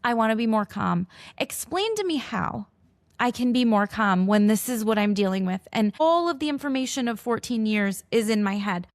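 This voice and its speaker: A woman's voice: mid-range voice, brisk, few pauses, dry recording, clean studio sound. A woman in her forties, a mother, telling a personal story to camera and acting out both sides of each conversation. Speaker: mother of a teenager with food allergies.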